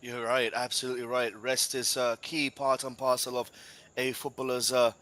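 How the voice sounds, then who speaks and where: Bright-voiced football commentator from Gibraltar. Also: male voice, mid-range voice, flat delivery, moderate pace, low-quality recording. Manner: chatty, addresses co-commentator and viewers directly. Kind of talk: live match commentary.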